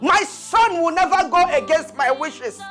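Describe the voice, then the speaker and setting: A domineering Nigerian mother-in-law, high and lively in pitch, slow and mocking, throwing her weight around. Faint film music plays underneath. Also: heavily acted. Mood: gloating. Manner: boastful, mocking, loud. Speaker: actor. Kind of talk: film drama acting.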